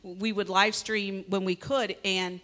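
A woman's voice: medium pitch, little pitch movement, slow pace, fairly bright tone. A woman speaks casually from the pulpit to her church. She is chatty and uses many fillers as she makes announcements. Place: church sanctuary.

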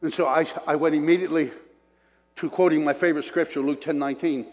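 Male preacher, a touch high-pitched, storytelling and chuckling through the sermon; long reverb of a big hall. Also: fairly even intonation, fast. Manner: storytelling, chuckles between points, acts out quotes. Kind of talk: sermon with personal stories.

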